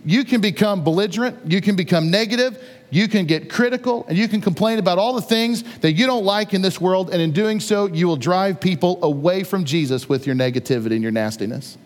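A man with a high voice preaching in a conversational, animated way, slipping in playful asides as he retells the story. His voice rings with a long hall reverb. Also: brisk. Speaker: pastor. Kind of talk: sermon.

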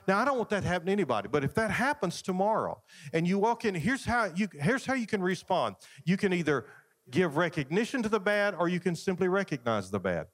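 Man, pastor, folksy sermon, fairly high voice, lively pitch. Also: fast. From Southern United States. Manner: folksy storytelling, swings between loud and hushed.

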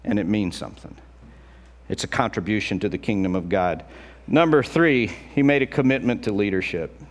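A middle-aged male pastor preaching a sermon in an animated, conversational way, acting out quotes as he goes. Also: fairly low pitch, normal speed.

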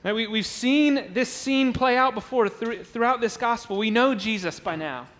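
Preaching from the pulpit of a church sanctuary, a man speaks in a voice pitched unusually high for a male, at a normal speed and with a fairly bright tone. He drives his points home with emphasis and repetition, now and then acting out the voices of a crowd, while the hall's long reverb trails after him.

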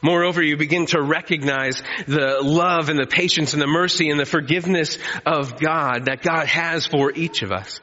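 A man preaching a sermon as pastor, animated, acting out pleading quotes. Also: a little high, normal speed, few pauses. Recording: muffled sound in a reverberant hall.

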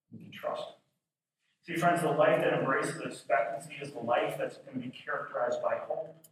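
A male pastor preaching a sermon, swinging from shouted fervor to hushed, intimate passages. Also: fairly high pitch, a little hiss or hum. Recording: roomy echo from a distant mic.

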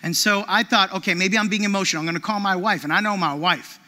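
Bright-voiced preaching man in a reverberant hall. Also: sits high, fast talker. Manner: animated storytelling, frequent restarts. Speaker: pastor. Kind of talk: sermon. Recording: long reverb of a large hall.

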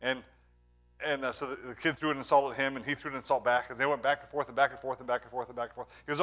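Bright-voiced, earnest male preacher. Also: mid-range voice, steady tone, fast talker. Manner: earnest, swings from emphatic to hushed. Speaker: pastor. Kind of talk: sermon.

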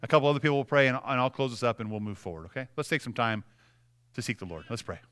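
A man preaching a sermon as pastor, earnest, often repeating words as he starts sentences, and dropping to a soft, low voice when he prays. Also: very fast, a little hiss or hum.

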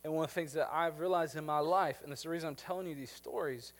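Pastor, lively storytelling sermon. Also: male voice, a little high, quick pace. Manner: storytelling, shifting from lively to hushed and tender.

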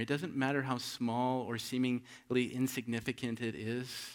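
A pastor preaching a sermon, asking rhetorical questions and swinging between hushed and loud, emphatic delivery. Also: male voice, mid-range voice, flat delivery, moderate pace.

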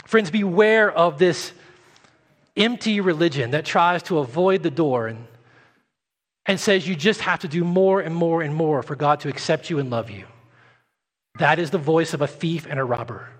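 A man delivers a sermon with an earnest, pleading tone, his voice sitting high for a man. He often slows down and drops to a softer, quieter delivery to press a point home. The sound carries a long reverb, as if filling a church sanctuary. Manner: earnest preaching, slowing and softening for emphasis. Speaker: pastor.

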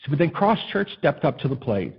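A male pastor preaching a sermon in an impassioned way that builds to loud, emphatic peaks. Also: on the high side, sing-song, brisk, slightly rough, dull audio.

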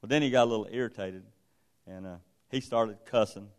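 A man's voice: lowish voice, brisk, a little mellow. A middle-aged man with a drawl tells a story from the pulpit. His delivery is folksy and conversational, like he's chatting with the congregation. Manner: folksy, conversational, retells dialogue. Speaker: preacher. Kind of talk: sermon storytelling.

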